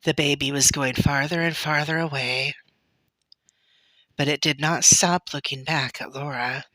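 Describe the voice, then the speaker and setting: A woman reading a children's novel aloud in a gentle, expressive storybook manner. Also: low voice, measured pace, no echo. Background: soft music.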